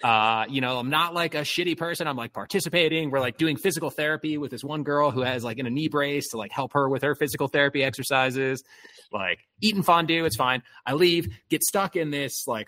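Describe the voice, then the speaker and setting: A man's voice: on the high side, fairly quick, bright, forceful tone. Guy rambling thru a bad date story, lots of likes and ums, swears. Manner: rambling, filler-heavy, swears freely. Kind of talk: casual chat.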